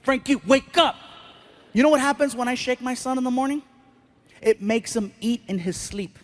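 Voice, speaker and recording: A man doing stand-up comedy on stage into a handheld mic. He tells animated stories with sound effects. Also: very high-pitched, a little fast.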